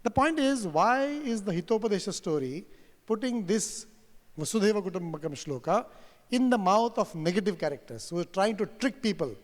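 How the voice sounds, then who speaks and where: A man giving a keynote, animated storytelling with quoted Sanskrit verses. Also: sits high, moderate pace. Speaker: keynote speaker. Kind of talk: storytelling lecture. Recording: hall reverb.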